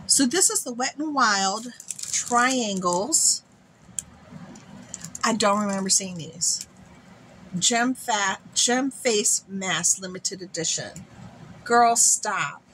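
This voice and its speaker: Excitable lady opening makeup mail, slow drawn-out talk, noisy room hiss behind her. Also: mid-range voice. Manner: excitable, gushing, talks to viewers as "girl". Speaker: beauty vlogger. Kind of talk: unboxing friend mail.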